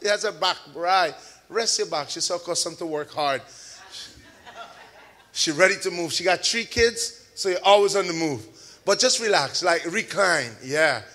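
A man preaching a sermon to a congregation, shouting key words, drawing out call-and-response and mixing in chatty everyday examples. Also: high voice, lively intonation, moderate pace. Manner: homely store examples, chatty asides. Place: church service with a congregation.

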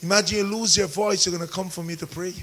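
A man preaching a sermon, calling out to the congregation and rising into shouts. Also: high voice, fairly even intonation, quick pace, low-quality recording. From Caribbean. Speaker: pastor.

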